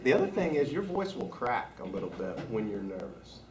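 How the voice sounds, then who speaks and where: A man's voice: on the low side, big pitch swings, brisk, a crowd in the background. A man leading a staff training class, talking conversationally and asking the room questions. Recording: echoey room from far off.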